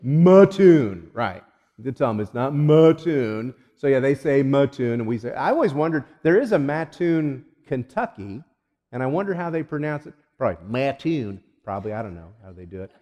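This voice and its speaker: A man's voice: mid-range voice, sing-song, quick pace, darkish tone. A middle-aged man preaching a sermon, a folksy storyteller who voices the people in his anecdotes and asks the audience questions. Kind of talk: sermon illustration with audience interaction. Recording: long hall reverb.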